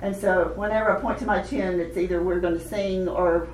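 A woman leading a hands-on children's music workshop, animated and laughing often as she teaches chanted rhythms. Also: lowish voice, a little fast, slight background noise. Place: workshop room with participants. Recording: echoey room, voice from a distance.

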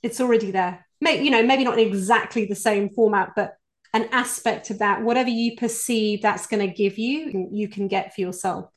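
A woman's voice: mid-range voice, moderate pace. A British woman, a voice coach, answering interview questions in an earnest, explanatory way. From United Kingdom. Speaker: executive voice coach, guest.

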